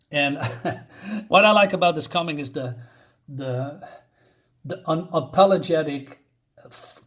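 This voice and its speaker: A man's voice: a little high, a bit bright. A man casually reviewing a comic book, rambling with lots of ums and uhs and correcting himself as he goes.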